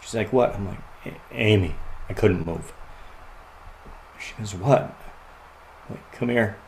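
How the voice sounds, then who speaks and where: A man sharing a personal story as a podcast guest, earnest and often quiet and halting, laughing at the lighter moments. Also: lowish voice, slight background noise, rough recording.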